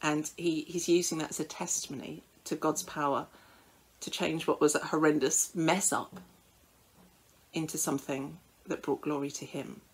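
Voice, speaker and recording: A woman's voice: sits low, fairly even intonation, normal speed, a little hiss or hum, rough recording. A woman preaching a sermon in a conversational storytelling way, with frequent fillers.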